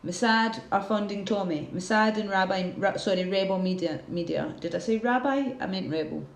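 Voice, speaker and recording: A woman's voice: mid-range voice, normal speed, reverberant. A woman hosting a casual livestream, ranting heatedly with a lot of swearing and reading out viewer comments. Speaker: livestream host.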